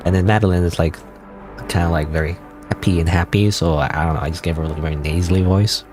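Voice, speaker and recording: A man with a lowish voice gives loose let's-play commentary, wandering through his thoughts with constant "like" and "you know". The game's music plays clearly under his voice throughout. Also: brisk, darkish tone. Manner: rambling, full of "like" and "you know". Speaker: game streamer. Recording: game music playing under voice.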